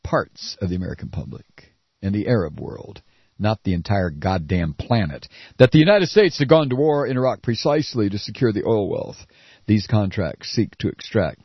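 A man giving sarcastic political commentary while reading a news article, with mocking asides. He swings from shrill mock surprise to low muttering. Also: big pitch swings, normal speed, husky, no echo. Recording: dry, dull lo-fi audio.

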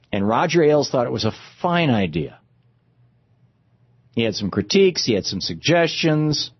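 Male political talk host, sarcastic and indignant, husky and animated. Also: fairly high pitch, dry recording, dull audio. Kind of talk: political commentary rant.

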